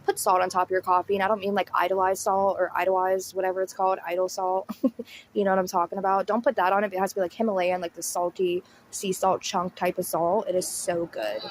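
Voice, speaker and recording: A woman's voice: lowish voice, flat delivery, fast talker, slight background noise. A woman chatting casually and laughing often as she comments on a clip. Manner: chatty, giggly, slangy. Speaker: commentary YouTuber.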